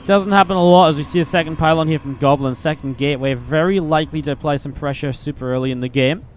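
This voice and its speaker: A man's voice: a little high, quick pace, slight background noise. A man with an English accent casting a live strategy game match, mixing play-by-play calls with chatty asides. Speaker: esports caster.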